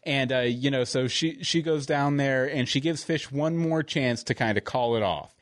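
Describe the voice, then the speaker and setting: A man's voice: medium pitch, normal speed, dry recording, clean studio sound. A man hosting a podcast in casual chat, rambling and chuckling as he corrects himself. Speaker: podcast host.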